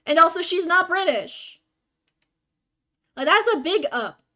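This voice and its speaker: A woman's voice: extremely high pitch, lively intonation, unhurried, pushed and bright. A young woman streaming a video game, chatting casually with viewers in a rambling, self-deprecating way.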